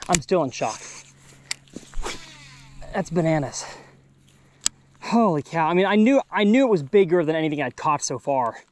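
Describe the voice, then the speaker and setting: Excitable high-voiced young man fishing outdoors. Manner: excitable, exclaiming often. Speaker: fishing video host. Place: outdoors at a pond.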